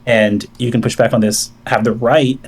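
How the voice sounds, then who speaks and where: A man calls in to debate a streamer, setting out a long argument point by point with many fillers and restarts. His mid-range voice is flat and at normal speed, with a crowd audible behind him.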